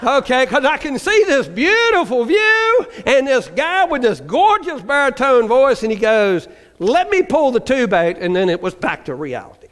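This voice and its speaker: Older man, storytelling testimony, lively upward voice, reverberant church hall. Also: very high voice, normal speed, few pauses. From Virginia. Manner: storytelling with acted-out quotes, humorous. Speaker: church member giving testimony. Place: church sanctuary.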